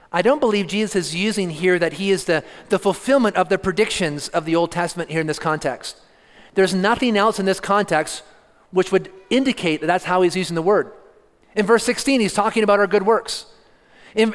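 A man preaching a sermon, teaching earnestly and deliberately, stressing points through repetition. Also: high voice, in a large hall.

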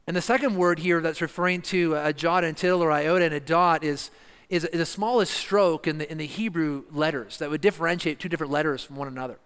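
A man preaching an expository sermon, emphatic and slowing down to stress key words. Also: sits high, a bit bright, clean tone. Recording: long reverb of a church hall.

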